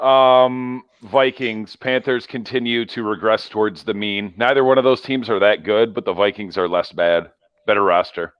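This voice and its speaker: A man's voice: lowish voice, moderate pace, smooth, dry recording, lo-fi sound. Dry-voiced wry panelist man. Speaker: podcast panelist. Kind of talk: casual podcast chat.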